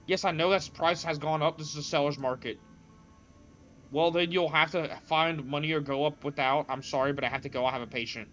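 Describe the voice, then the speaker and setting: A man reading the lines of a smooth-talking male doctor who runs a cyber clinic in a game, with a lo-fi sound and faint music. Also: on the high side, fairly even intonation, fairly quick, a bit bright, close to an everyday voice. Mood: curt.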